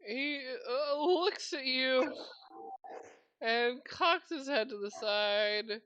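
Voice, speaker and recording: A woman's voice: sits high, very slow, fairly bright tone, lo-fi sound. A woman running a tabletop game as game master, narrating expressively and asking players what they do.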